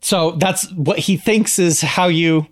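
A man's voice: a little high, takes it slowly. A man co-hosting a podcast, chatting casually and playfully, throwing out ideas and jokes. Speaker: podcast co-host. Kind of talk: casual chat.

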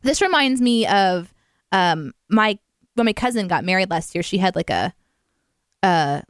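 A woman co-hosting a casual livestream chat, playful and quick to laugh as she stumbles through tongue twisters. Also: medium pitch, animated, smooth, no echo, studio quality. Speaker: co-host.

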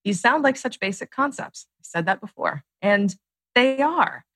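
A woman's voice: medium pitch, lively intonation, moderate pace, a bit bright, slightly rough, no echo. A woman in her late thirties, a guest author and coach, explaining her ideas in a podcast interview and acting out inner voices with animation. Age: late 30s.

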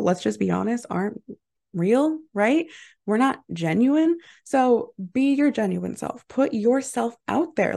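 A woman's voice: on the high side, vocal fry, dark tone. A woman hosting her own podcast, talking casually and encouragingly, full of "like" and "right?" fillers. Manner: chatty, filler-heavy, lots of "like" and "right?"; upbeat and encouraging, laughs easily. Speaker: podcast host and mindset mentor. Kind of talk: casual motivational monologue.

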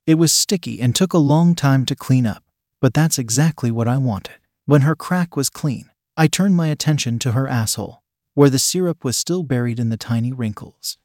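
A man narrating a first-person story in a steady, measured reading voice. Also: medium pitch, dry recording, studio quality.

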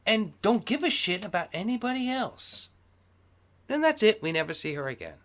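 Animated, swearing man riffing on a film. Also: high voice, normal speed, slight background noise. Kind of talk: casual chat.

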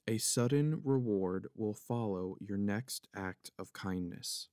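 A man's voice: lowish voice, slow, hardly any pauses, mellow, clean tone, dry recording, clean studio sound. A man with a Philadelphia accent hosting a casual solo podcast, rambling and joking as he mushes his consonants together. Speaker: podcast host. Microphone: podcast microphone.

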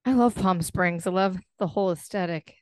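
A woman's voice: on the low side, normal speed, darkish tone, smooth, dry recording. A woman co-hosting a casual podcast chat about reality TV, blunt and opinionated, with casual swearing. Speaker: podcast co-host.

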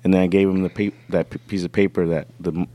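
A man's voice: low-pitched, level tone, fast talker, warm tone, no echo. A man casually telling a long story on a podcast, swearing freely and acting out the people in it. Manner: profane, rambling storytelling with quoted voices. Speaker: podcast host.

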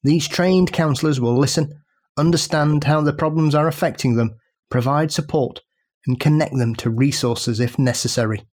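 A man's voice: fairly high pitch, fairly even intonation, normal speed, darkish tone. A man co-hosting a podcast, reading a listener's letter and adding dry, wry remarks in casual chat. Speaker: podcast co-host.

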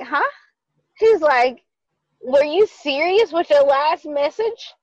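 A young adult woman co-hosting a podcast, telling a dating story in casual chat, animated and profane, acting out both sides. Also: high voice, dry recording, rough recording. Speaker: podcast co-host.

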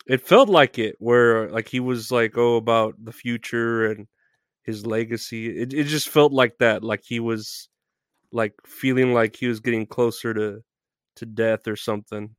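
A man's voice: mid-range voice, steady tone, normal speed, clean tone, no room sound, clean studio sound. A man as a podcast guest, talking casually in a laid-back, rambling way and laughing often.

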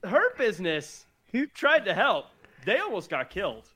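A man co-hosting a wrestling podcast in easy, conversational chat. His voice is bright and sits a little high. He laughs readily between points. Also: wildly swooping pitch, normal speed, slightly rough. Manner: easygoing, laughs often. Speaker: podcast co-host.

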